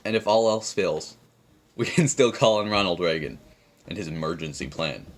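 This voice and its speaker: A man reading a prepared speech aloud, with a measured, declarative delivery. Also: low-pitched. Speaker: speaker giving a prepared speech. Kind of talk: read-aloud formal speech.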